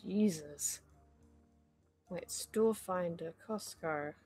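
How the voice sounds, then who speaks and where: A woman's voice: lowish voice, darkish tone, husky, soft background music. Blunt swearing Australian woman. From Western Australia. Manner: blunt, swears freely, halting restarts. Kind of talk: late-night casual chat.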